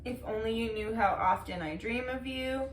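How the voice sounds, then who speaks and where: A woman reads tarot cards in a loose, chatty way, full of filler words and easy swearing. Her voice sits a little high. She is recorded from a distance in a room with a lot of echo. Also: moderate pace. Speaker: tarot reader. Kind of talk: casual tarot reading to camera. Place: room, seated on the floor. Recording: echoey room, mic at a distance.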